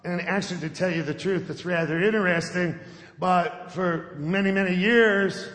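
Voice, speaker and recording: Brief: male pastor, conversational sermon storyteller, raised pitch, echoey sanctuary. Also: steady tone, normal speed, fairly bright tone. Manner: conversational storytelling, often checks in with "okay?". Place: church sanctuary. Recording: echoey sanctuary with long reverb.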